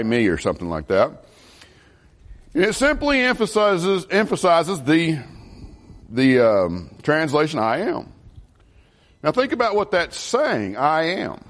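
Expressive man teaching scripture. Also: mid-range voice. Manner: expressive, reads scripture aloud with emphasis and asks the audience questions. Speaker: preacher teaching a Bible class. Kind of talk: sermon-style Bible teaching.

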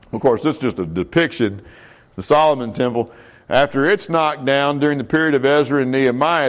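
A man teaching a Bible class in a relaxed, conversational way, with many fillers and self-corrections and questions put to the class. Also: medium pitch. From United States. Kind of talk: casual Bible class lecture.

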